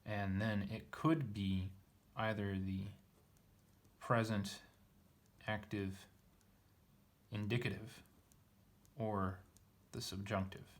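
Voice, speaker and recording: A man's voice: on the low side, fairly even intonation, takes it slowly, pauses often. A man teaching a text line by line, thinking aloud with frequent fillers and self-corrections. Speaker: Greek teacher. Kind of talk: casual lesson reading.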